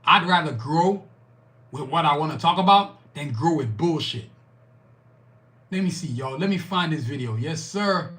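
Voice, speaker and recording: A man's voice: a little high, animated, moderate pace, a bit bright. A man from Nigeria hosting a podcast, delivering an angry, profane, emphatic monologue. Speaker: podcast host.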